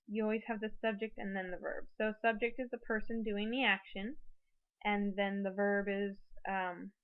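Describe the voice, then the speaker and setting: A woman's voice: medium pitch, clear, resonant tone. A woman teaching a recorded language lesson to her class, chatty, working through plenty of examples. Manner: chatty, explains with many examples. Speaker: Spanish teacher. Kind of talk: recorded lecture for students. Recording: dull lo-fi recording.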